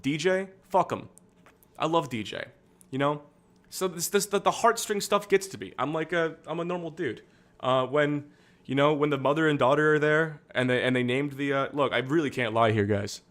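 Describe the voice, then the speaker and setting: A man's voice: fairly high pitch, moderate pace, fairly bright tone. Rambling young man streamer. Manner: rambling, candid, self-deprecating, with frequent fillers and restarts. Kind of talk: casual political commentary stream.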